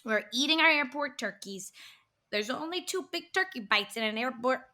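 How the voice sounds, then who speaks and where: Animated young woman telling a wild story. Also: high voice, moderate pace. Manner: animated storyteller, swears freely, acts out quotes. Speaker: podcast co-host. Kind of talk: casual chat, storytelling.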